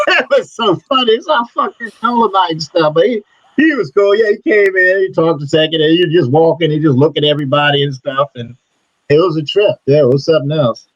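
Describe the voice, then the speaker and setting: A man with a fairly high voice tells blunt, profane stories at a rapid clip. He speaks as a comic book artist being interviewed. The audio is dull and lo-fi, with a dry, close sound. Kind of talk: casual interview storytelling.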